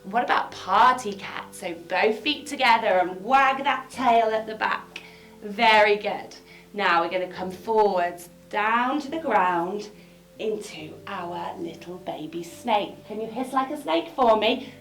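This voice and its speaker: A young woman guiding a children's yoga class, bright and encouraging, with playful high sound effects. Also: a little slow. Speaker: kids yoga teacher. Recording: echoey room with background music.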